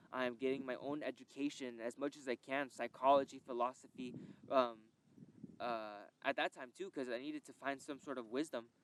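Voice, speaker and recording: A man's voice: mid-range voice, clear, resonant tone. A young man telling a candid, emotional personal story, rambling and swearing as he reflects. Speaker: podcast host. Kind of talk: reflective personal testimony monologue.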